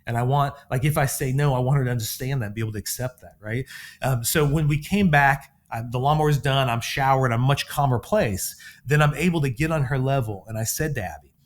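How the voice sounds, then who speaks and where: A middle-aged man co-hosting a parenting podcast as a counselor, telling stories in a relaxed conversational way and acting out the quotes in them. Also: medium pitch, fast. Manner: animated, acts out quotes in his stories. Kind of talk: conversational storytelling.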